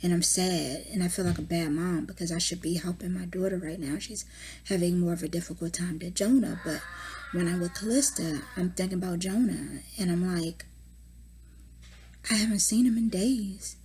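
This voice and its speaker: A young woman, a mother recording a personal video diary at home, exhausted and distraught, speaking haltingly and often dropping to a whisper. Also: lowish voice, a little mellow, slight background noise. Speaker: mother giving a family update.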